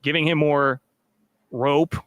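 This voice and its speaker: A man's voice: a little high, steady tone, slow, fairly bright tone, no room sound. A man hosting a sports podcast, chatting casually and upbeat with lots of fillers. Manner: upbeat, filler-heavy, reads sponsor plug.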